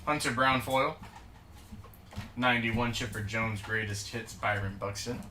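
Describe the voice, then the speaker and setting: A man running a live card break rattles off player names and parallels in short, clipped bursts. His voice is going hoarse. He sounds set back from the mic in an echoey, noisy room. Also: mid-range voice, measured pace, bright, forceful tone. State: losing his voice. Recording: roomy, distant mic, noisy.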